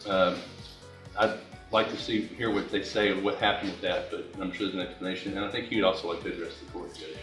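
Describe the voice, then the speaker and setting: Halting male attorney in an echoey courtroom. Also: deep voice, flat delivery, fairly bright tone, distant mic, faint music behind. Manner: halting, many fillers and restarts. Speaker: defense attorney. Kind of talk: courtroom argument.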